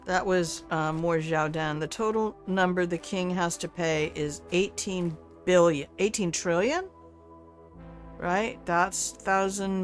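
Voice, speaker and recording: Slow, low-voiced older woman streaming games. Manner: chatty, talks to the game, swears casually. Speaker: game streamer. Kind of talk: casual live-stream gameplay commentary.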